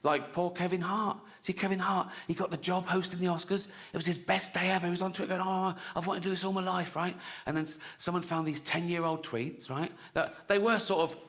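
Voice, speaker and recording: An English man telling profane, chatty stories as a stand-up comedian, slipping into quick voices for the people in his tales. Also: high voice, steady tone, fairly bright tone, some chatter behind. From England. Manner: profane, conversational storytelling with sudden acted-out voices. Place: large theatre stage before a live audience. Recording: live theatre recording, roomy reverb, audience noise.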